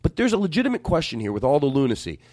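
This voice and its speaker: A man's voice: fairly high pitch, wildly swooping pitch, very fast, noisy background. A man hosting a casual comedy chat, rambling and self-deprecating, tripping over his own words.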